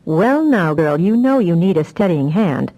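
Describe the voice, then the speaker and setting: A woman voicing a patient male telepath mentor who speaks in a soft drawl. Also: on the low side, normal speed, low-quality recording. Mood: teasing. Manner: soft drawl, calm and teasing.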